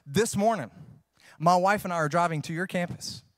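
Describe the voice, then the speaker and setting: A man's voice: high voice, moderate pace, a bit bright, no echo. A man, preaching a sermon as a pastor, folksy and joking as he tells stories, then preaching with rising fervor.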